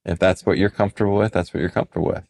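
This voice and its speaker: Low-pitched male advisor, animated storyteller, casual podcast talk. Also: very fast, creaky. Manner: animated storyteller, acts out quoted clients. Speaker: financial advisor.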